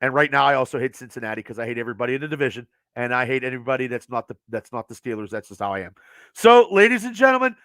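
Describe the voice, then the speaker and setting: A man hosting a podcast, ranting passionately about his team with lots of swearing, swinging between loud outbursts and quieter stretches, his voice getting worn. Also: mid-range voice, steady tone, rapid-fire, few pauses, no echo. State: losing his voice. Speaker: podcast host. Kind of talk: fired-up sports rant.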